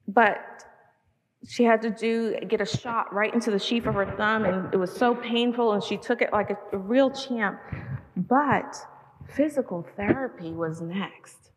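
Woman in her fifties preaching in a reverberant hall. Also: medium pitch. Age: 50s. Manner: storytelling, animated, relatable asides to mothers. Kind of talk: conversational sermon.

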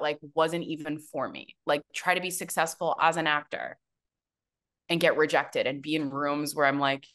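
A woman's voice: low voice, fairly bright tone. A woman, a business and mindset mentor as a podcast guest, telling her story in casual conversation, chatty and full of fillers and restarts. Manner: chatty, many fillers and restarts, bursts of laughter.

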